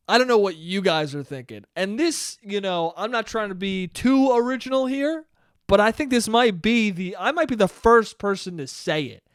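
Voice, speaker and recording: A young man talks alone into the mic, rambling and sardonic, swearing freely. His pitch swings widely as he goes, and the recording is dry and close with almost no room sound. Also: fairly bright tone, dry recording. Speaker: podcast host. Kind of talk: solo comedic podcast monologue.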